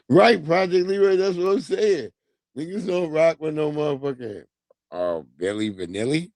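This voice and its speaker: A man's voice: fairly high pitch, expressive, a little slow, no echo. A man chats on his livestream in a loose, profane way, breaking into laughter as he tells stories. His voice sits close to the mic in a dry, dead room. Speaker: livestream host. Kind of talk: casual livestream commentary.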